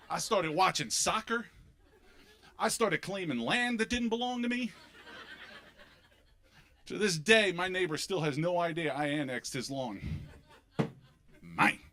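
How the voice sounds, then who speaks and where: A middle-aged man from Philadelphia with a Philly accent, doing an animated, punchy stand-up comedy set on a club stage. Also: on the high side. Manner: animated, punchy delivery with sudden loud bursts.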